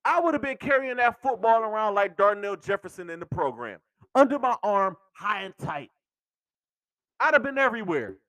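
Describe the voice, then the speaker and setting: A man hosting a podcast with a strikingly high voice that swings up and down in lively leaps. He rants about sports in an excitable way, cursing and laughing as he talks. The sound is dry and close. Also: normal speed, dry recording. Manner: excitable, swearing, laughing while talking. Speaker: podcast host. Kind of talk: animated sports rant.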